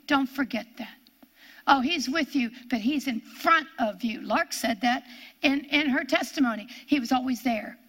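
Older woman Bible teacher, sermon delivery: high, bright, earnest, with repeated lines and hushed asides. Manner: earnest, repeats phrases, drops to hushed whispers for emphasis.

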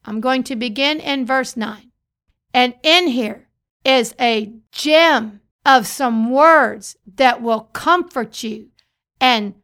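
A woman's voice: high voice, bright, forceful tone. A woman pastor preaching a sermon, reading scripture and repeating phrases for emphasis.

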